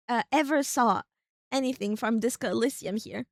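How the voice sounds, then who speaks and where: A fairly high-pitched woman chats her way through a live game stream, rambling as she thinks aloud and breaking into excited exclamations. The sound is close and dry, with no room echo. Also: normal speed.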